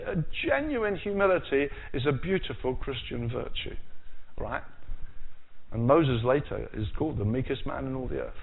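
A man preaching a sermon in an animated, jokey way, acting out the quotes he tells. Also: a little high. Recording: tinny phone-like sound.

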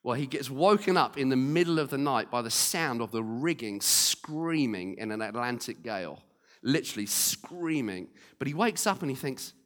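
A man preaching a sermon, telling stories lively and speaking straight to the congregation. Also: mid-range voice, moderate pace, long reverb tail. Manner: lively storyteller, acting out quotes, direct to congregation. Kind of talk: storytelling sermon.

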